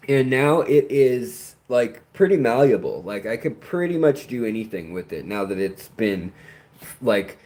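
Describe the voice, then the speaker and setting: A man hosting a casual livestream, chatting to viewers in a rambling, animated way and tripping over their names. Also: lowish voice. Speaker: livestream host.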